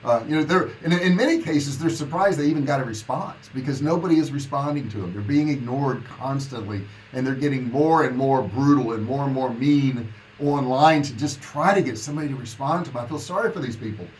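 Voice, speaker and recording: A man's voice: medium pitch, fairly quick, a little hiss or hum, poor audio. A man coaching online sellers in a casual live question-and-answer talk, folksy and repeating points for emphasis.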